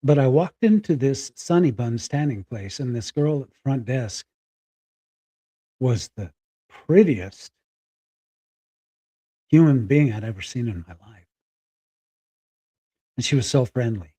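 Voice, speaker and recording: A middle-aged man telling a personal story candidly, halting and close to tears. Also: mid-range voice, lively intonation, warm tone, husky, dry recording. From Spokane, Washington. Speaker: guest.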